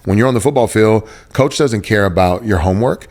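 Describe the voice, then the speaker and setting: An earnest man with a lowish voice tells a personal story as an interview guest. He searches for words and circles back to repeat phrases for emphasis. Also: fairly quick, a little mellow. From Houston, Texas.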